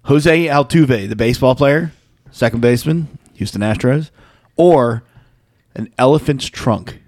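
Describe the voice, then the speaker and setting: A man hosting a casual podcast, quickly reading quiz facts and teasing his co-hosts. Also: mid-range voice, darkish tone, dry recording. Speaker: podcast host running a quiz segment.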